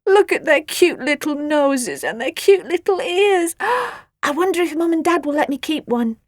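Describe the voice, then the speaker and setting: A woman's voice: extremely high pitch, very animated, unhurried, darkish tone, no room sound, studio quality, pitched above the performer's own voice, exaggerated voice. A woman doing a gushing, cooing young girl. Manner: cooing, gushing baby talk. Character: cheerful young girl monster-sitter, gushing.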